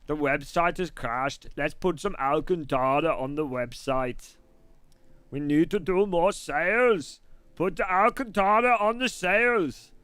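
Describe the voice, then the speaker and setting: Man playing a mock-Austrian action hero: slow, booming, bright and forceful. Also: clear, resonant tone, dry recording. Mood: pompous. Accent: Austrian German, put on.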